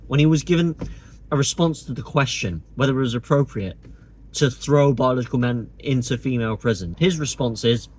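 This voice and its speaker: A man vlogs his opinions straight to camera, sarcastic and exasperated. His voice is husky and breathy at a medium pitch. He sounds indignant and mocking as he pushes each point. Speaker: political vlogger.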